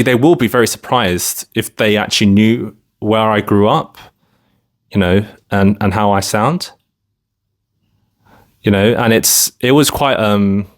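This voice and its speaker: A man's voice: fairly low pitch, unhurried, long pauses. A man from London talking casually to camera in a rambling vlog monologue, full of filler phrases. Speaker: vlogger.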